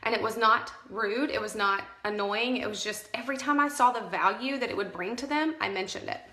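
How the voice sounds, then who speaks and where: A woman's voice: a little high, fairly quick, sharp tone, echoey room. A woman coaching her sales team in a live stream, chatty and emphatic, often correcting herself mid-sentence. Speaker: direct sales team leader. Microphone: phone camera.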